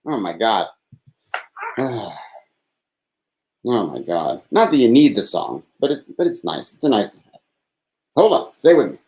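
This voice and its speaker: A man's voice: on the low side, very animated, a little slow, pauses often, a little mellow, slight background noise. A man hosting a live call-in show alone at his desk, rambling and self-deprecating, sighing and swearing, with a thin, slightly whiny voice. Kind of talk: rambling solo live-stream chat. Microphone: desk microphone without processing.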